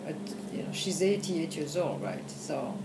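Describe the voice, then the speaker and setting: An older woman with a French accent, a film editor telling lively anecdotes in a conversational interview, with frequent laughs. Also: low voice, a little slow, reverberant, very noisy. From France. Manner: animated anecdotes with frequent laughs and "you know". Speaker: film editor and director, guest.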